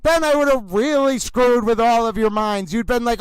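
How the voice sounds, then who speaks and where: A man's voice: very high voice, normal speed, hardly any pauses, clear, resonant tone, dry recording, low-quality recording. A man hosting a comedic livestream, talking like an overwrought horse-race announcer with theatrical exclamations. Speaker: livestream trial commentator.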